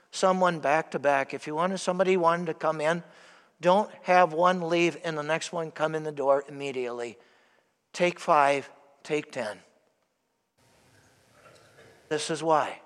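A man's voice: on the high side, normal speed, pauses often. A male priest giving a sermon in a church, emphatic and asking the congregation rhetorical questions. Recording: long church reverb.

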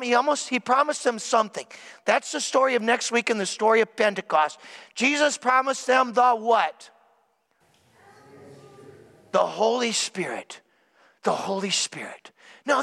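Man, preacher, sermon, high voice, gravelly, repeats words for emphasis, echoing church hall. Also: bright, forceful tone. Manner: emphatic, repeats key words, asks the congregation questions. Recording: church hall with long reverb.

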